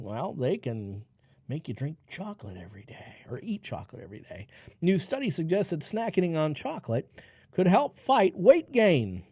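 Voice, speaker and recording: A fairly high-voiced man in his forties hosts a solo health talk show, his pitch swinging widely as he reads out headlines and then breaks into sarcastic rants. The sound is dry and close, with no room around it. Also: a little mellow, dry recording. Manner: ranting, sarcastic asides between read-out headlines. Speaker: radio health show host. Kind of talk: solo health news commentary.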